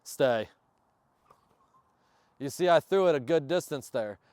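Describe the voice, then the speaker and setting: A man who handles and trains his service dog, chatting upbeat to viewers of a casual training vlog outdoors and praising the dog loudly. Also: a little high, lively intonation, slow pace, smooth, dry recording. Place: outdoors, yard or field. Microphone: camera on a stand nearby.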